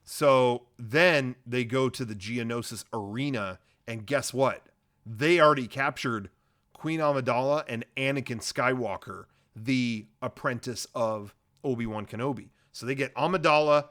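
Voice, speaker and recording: A man co-hosting a comedy podcast, retelling a movie plot in a casual, rambling, profane way, at a middle pitch. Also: measured pace, fairly bright tone. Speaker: podcast co-host.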